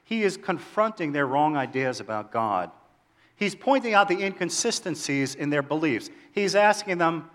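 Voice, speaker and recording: Animated preaching man, somewhat high voice. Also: normal speed. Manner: animated, asks the audience questions, jokes. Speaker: pastor. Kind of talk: sermon.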